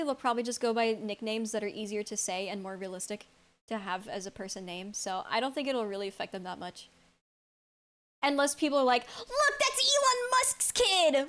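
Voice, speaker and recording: A young woman with a high, light voice chats live with her stream audience. She rambles from thought to thought, blunt and unfiltered, swearing freely and breaking into laughs. It is loose, off-the-cuff talk aimed at her chat. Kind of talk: casual stream chat, answering chat.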